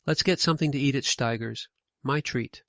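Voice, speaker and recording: A man voicing a gentle, worried mother who soothes her grown son in a ghost story reading. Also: mid-range voice, moderate pace, no room sound, studio quality, close to an everyday voice. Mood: tender. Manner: tender, soothing delivery.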